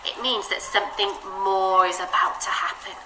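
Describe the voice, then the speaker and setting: A woman teaching reading, guiding a child through a phonics book with encouraging, expressive read-aloud. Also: mid-range voice, normal speed. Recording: roomy echo with steady background noise.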